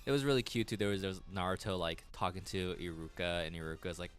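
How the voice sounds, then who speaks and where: Man, low voice, casual stream chatter, laughs a lot, swears, soft music behind. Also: fast, hardly any pauses. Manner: rambling, laughs often, swears freely. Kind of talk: casual livestream chat.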